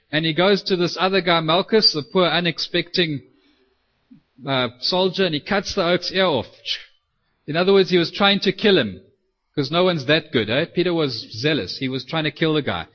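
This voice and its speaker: A man preaching a sermon, telling a Bible story with lively acted-out quotes. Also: on the high side, highs cut off. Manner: animated storytelling, acts out quoted voices.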